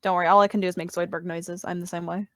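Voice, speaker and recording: A woman player at a tabletop game, chatty and upbeat with quick asides. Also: lowish voice, little pitch movement. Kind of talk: casual chat at a tabletop game.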